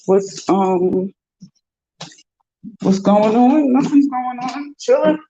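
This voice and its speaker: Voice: medium pitch, lively intonation, takes it slowly, warm tone. A host chatting casually with livestream viewers, talking to the viewers and to pets along the way. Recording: dull lo-fi sound.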